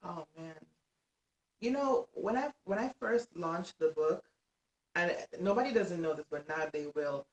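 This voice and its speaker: An excitable woman tells a story with lots of energy, at times laughing and shouting. Her voice sounds set back from the mic and echoes around a roomy space. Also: lowish voice, measured pace, recorded from a distance, muffled recording. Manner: animated, breaks into laughs and shouts when excited. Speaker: guest author. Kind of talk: excited storytelling on a live stream.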